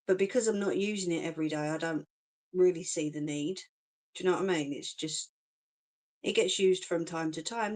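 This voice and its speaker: A woman's voice: lowish voice, a little mellow. Chatty woman, laughs often. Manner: chatty and reassuring, laughs often, says "do you know what I mean". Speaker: crafter chatting with live viewers. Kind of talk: casual live-stream chat.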